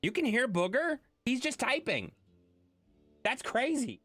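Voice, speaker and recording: A woman streamer talks casually to her audience, bouncing her voice all over the place as she jokes and swears. The sound is dry and close, with a little music playing quietly underneath. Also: a little high, a little slow, husky, no echo. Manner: animated, jokey, reads chat aloud and swears freely. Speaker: live streamer. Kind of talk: casual live-stream chat.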